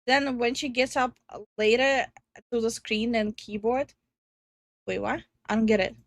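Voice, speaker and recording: A woman's voice: fairly high pitch, fairly even intonation, a little slow, no echo, clean studio sound. A young woman chatting casually on a stream, giggly and teasing. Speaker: streamer and co-host.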